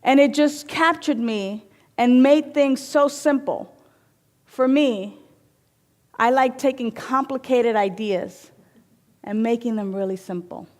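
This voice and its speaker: A woman's voice: a little high, slow pace, darkish tone. A woman minister giving a playful, storytelling sermon in a spiritual center. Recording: long hall reverb.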